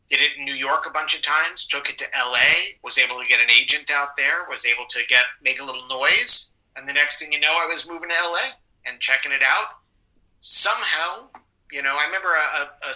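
A middle-aged man, an actor being interviewed, telling anecdotes in a lively way, laughing often and acting out the people he quotes. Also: medium pitch, rough recording. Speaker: actor guest.

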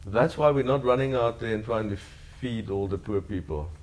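A man with a very low voice delivering a sermon. His preaching is earnest and leans on repeated phrases. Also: normal speed, a little mellow. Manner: earnest, repetitive preaching cadence. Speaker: pastor.

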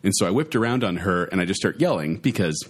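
A man in his thirties co-hosting a casual chat, telling stories with loud acted-out quotes. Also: low-pitched, quick pace. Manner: animated storyteller, acts out quotes loudly. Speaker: podcast co-host. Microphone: studio microphone.

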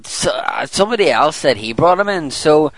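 A man's voice: on the high side, very animated, moderate pace, dry recording. A man co-hosting a casual podcast, joking and teasing his co-host. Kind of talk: casual chat.

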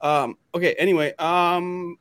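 A man with a rather high voice hosts a podcast, rambling along and teasing his co-host. His delivery is loose and playful. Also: steady tone, unhurried, a bit bright, slight background noise. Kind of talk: casual banter.

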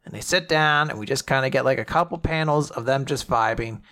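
A man recapping a story in casual chat, acting out characters' lines in quick put-on voices. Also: medium pitch, pushed and bright. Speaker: podcast co-host recapping a manga chapter.

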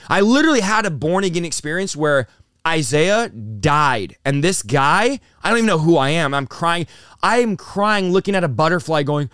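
A man's voice: a little high, clear, resonant tone, dry recording, clean studio sound. A man in his thirties, a pastor, telling his story in a casual interview with lots of "dude" and "bro.". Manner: fast, excitable, says "dude" and "bro" a lot. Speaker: pastor and preacher being interviewed.

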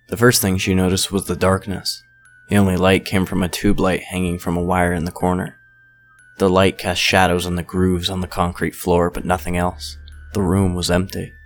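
A man narrating a story as an audiobook reader. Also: sits low.

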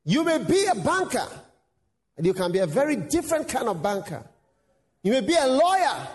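A male pastor preaching a sermon, acting out dialogues with lively voices. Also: very high voice, long reverb tail. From Ghana. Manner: animated, acts out dialogues in voices.

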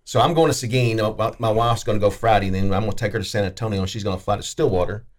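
A man's voice: on the low side, very fast. A man talking easily as a radio guest, rambling a little and laughing often. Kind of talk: casual chat.

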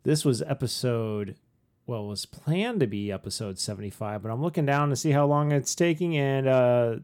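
A man's voice: mid-range voice, normal speed, a little mellow, clear, resonant tone. A man cohosting a podcast, telling a family story in a casual chat and wrapping up the show.

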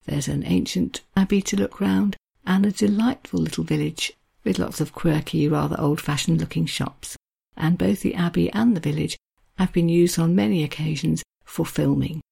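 Low, husky-voiced woman host. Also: dark tone. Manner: measured, genteel and appreciative. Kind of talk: narrated talk with readings.

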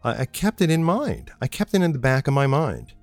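A man's voice: mid-range voice, huge pitch swings, fairly quick, a little mellow, soft background music. A man who once ran radio programming, telling a personal story in a conversational way and repeating phrases for emphasis. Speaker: former radio programming manager.

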